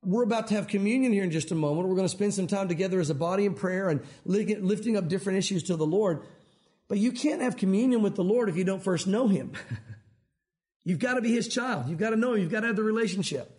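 A man from Tennessee with a Southern accent preaching a conversational sermon, talking quickly with frequent restarts. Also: high voice, a little mellow. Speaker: pastor.

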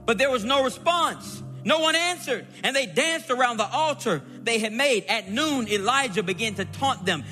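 A man preaching a sermon, dramatic, acting out the scripture story with shouted lines and playful asides. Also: high-pitched, lively intonation, normal speed, few pauses, big-room sound, soft background music.

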